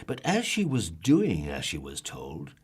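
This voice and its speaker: A man reads a children's story aloud in a low, husky voice. His pitch swoops widely as he tells it. He draws out words and asks the listener playful questions. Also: huge pitch swings, measured pace. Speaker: storybook narrator.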